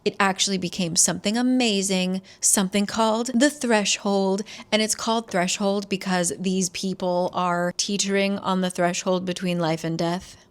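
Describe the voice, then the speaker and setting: A woman's voice: mid-range voice, fairly even intonation, normal speed, hardly any pauses, smooth, natural voice. A woman paraphrasing a smug, boastful male spymaster in her own casual voice.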